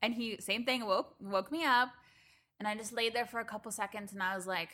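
Young woman podcast co-host, chatty and profane, bright slightly high voice. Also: fairly quick. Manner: chatty, swears freely, acts out quotes. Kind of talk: casual chat.

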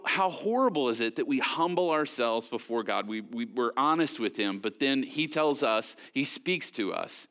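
Conversational man preaching a sermon. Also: lowish voice. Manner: conversational, animated, many "you know" fillers and restarts. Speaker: pastor.

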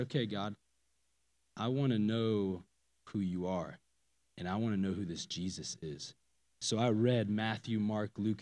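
A man giving a casual, animated personal testimony to a church audience, swinging from loud emphasis to hushed asides. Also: mid-range voice. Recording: long reverb of a large hall.

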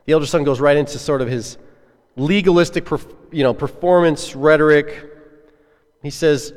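A man's voice: a little high, normal speed, a little mellow. A man preaching a sermon as a pastor, earnest and conversational, putting questions to his listeners. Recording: echoey hall with long reverb.

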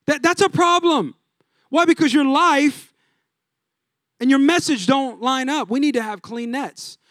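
High-voiced man preaching a sermon. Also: measured pace, no room sound, studio quality. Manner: energetic, casual preaching with rhetorical questions. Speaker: pastor.

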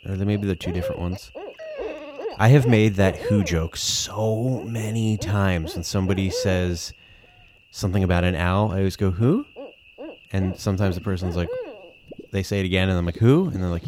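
A man giving casual reaction commentary on bird sounds, joking, exclaiming and swearing. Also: low-pitched.

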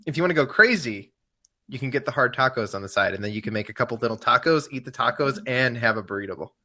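Bright-voiced easygoing man hosting. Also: mid-range voice, expressive, quick pace. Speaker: podcast host. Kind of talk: casual chat.

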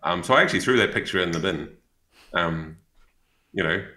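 A man's voice: low-pitched, animated, a little fast, bright, forceful tone, echoey room. A man with a New Zealand accent telling a story in a casual chat, rambling with many fillers and restarts. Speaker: podcast co-host, missionary.

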